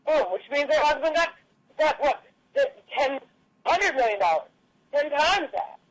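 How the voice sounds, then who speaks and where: A woman's voice: sits high, very animated, dry recording, rough recording. Woman telling jokes in a dry room. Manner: loose, halting storytelling. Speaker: stand-up comic. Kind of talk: telling jokes at an open mic.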